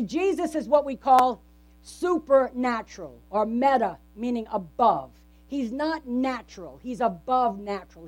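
Woman preacher, fairly high voice, conversational sermon, rhetorical questions, faint electrical hum. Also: darkish tone. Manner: conversational, asks the congregation frequent rhetorical questions. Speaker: pastor. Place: church.

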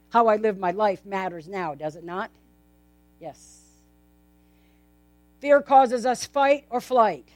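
A woman's voice: mid-range voice, a little mellow, no room sound. A woman preaching a sermon in a casual, conversational way, often asking her congregation rhetorical questions. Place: in front of a gathered congregation.

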